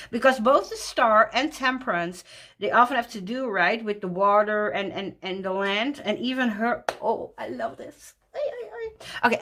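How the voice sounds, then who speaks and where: A woman walking through a tarot deck in casual talk, gushing and excited, laughing often. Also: on the high side.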